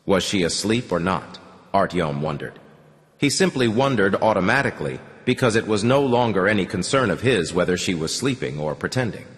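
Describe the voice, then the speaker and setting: Male narrator, measured, somber, low voice, long reverb. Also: animated. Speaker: audiobook narrator. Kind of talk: scripted narration.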